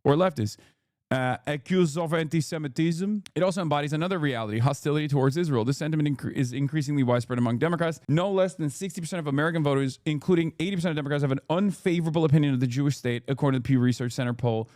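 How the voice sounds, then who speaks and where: A man's voice: a little high, a little mellow, no room sound, studio quality. A man on a live stream, reading an article aloud and stopping to react to it. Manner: reads quickly, breaks off to react.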